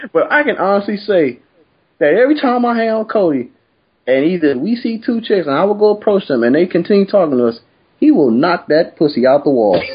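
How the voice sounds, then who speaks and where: A man's voice: sits high, normal speed, long pauses, muffled recording, a little hiss or hum. A man telling profane, funny stories in a casual chat, laughing often as he goes. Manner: animated, profane, laughs often mid-story.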